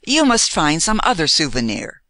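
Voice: mid-range voice, very animated, moderate pace, no echo, clean studio sound. A reader voicing a proud, self-reliant young Englishwoman who speaks lightly and firmly, in an audiobook reading. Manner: lightly teasing, bright.

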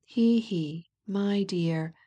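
A woman voicing a blunt, domineering fifty-year-old society matron in an audiobook, speaking gruffly and bossily. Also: medium pitch, drawn-out words, mellow, highs cut off. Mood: scolding. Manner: gruff, scolding and bossy.

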